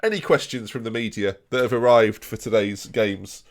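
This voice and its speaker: A young man giving jokey, excitable live commentary on his game and talking to his viewers. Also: lowish voice, moderate pace. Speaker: gaming streamer.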